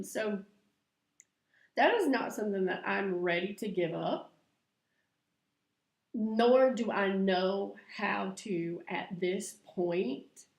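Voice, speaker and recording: Slow-talking woman in an echoey room. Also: mid-range voice, creaky, a little mellow. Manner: chatty and confessional, laughs often. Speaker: vlogger. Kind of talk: casual vlog chat to camera. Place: room at home.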